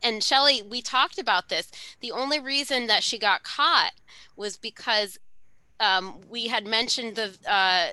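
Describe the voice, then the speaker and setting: Woman podcast co-host, very bright tone, dry close sound, chatty gossip storytelling. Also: fairly high pitch, no room sound. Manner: animated gossipy storytelling, quick asides. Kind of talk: casual chat.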